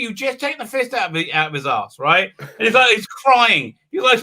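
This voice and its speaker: A man with a high, very bright and piercing voice hosts a live talk stream. He mocks what he reads in a sarcastic, crude way, swearing freely and often shouting. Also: sing-song, brisk, hardly any pauses. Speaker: show host. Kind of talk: mocking live stream commentary.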